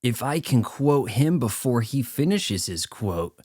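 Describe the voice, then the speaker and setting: A man's voice: mid-range voice, sing-song, unhurried, darkish tone, slightly rough, no echo, studio quality. A man mockingly voicing a smug, boastful male college student who shows off his smarts.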